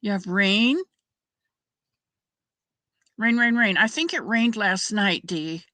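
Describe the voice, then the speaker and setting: A middle-aged woman chats with her viewers during a crafting stream, rambling and greeting people by name. Her voice is bright and lively at a middle pitch. The sound is close and dry, with no room echo. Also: slow. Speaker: crafting livestream host. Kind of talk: casual chat with live viewers.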